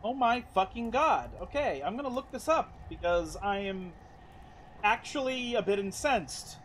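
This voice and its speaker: A man with a notably high voice streams a game, cursing freely in casual talk. His commentary comes through a desk mic. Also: expressive, unhurried, a bit bright, a little hiss or hum. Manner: exasperated, heavy swearing.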